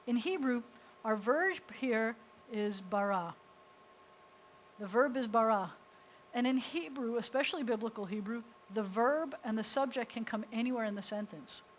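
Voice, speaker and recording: A woman's voice: on the high side, moderate pace, a little hiss or hum, low-quality recording. A woman rabbi teaching a beginners' Hebrew class, patiently explaining step by step and sounding out letters. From United States. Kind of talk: live class instruction. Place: synagogue classroom.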